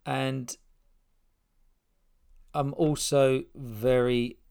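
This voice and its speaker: A man's voice: mid-range voice, flat delivery, very slow, gravelly, darkish tone, clean tone. A middle-aged man hosting his podcast, talking unscripted and heartfelt from his spare room, rambling with many restarts. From Spain and England. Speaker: podcast host. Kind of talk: unscripted personal address.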